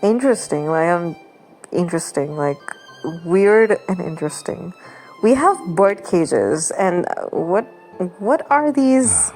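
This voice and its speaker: Slow, rambling woman gaming host. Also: fairly low pitch, lively intonation, a little mellow. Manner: chatty, rambling, laughs often, mock-exasperated. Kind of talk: casual gameplay commentary. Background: game music.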